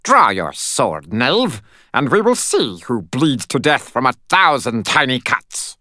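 A man voicing a tiny, fiery male fairy soldier who speaks in a shrill, theatrical, pompous voice. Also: very animated, slow pace, sharp tone, slight background noise, exaggerated voice. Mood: challenging. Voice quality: shrill, theatrical, like a Shakespearean actor on helium. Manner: indignant, grandly formal.

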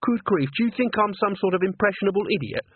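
A man's voice: high-pitched, lively intonation, fast talker, husky, no room sound, voice pushed up. A man voicing a blunt, sensible young woman singer who speaks forthrightly and earnestly. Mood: indignant. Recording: dry, tinny phone-like sound.

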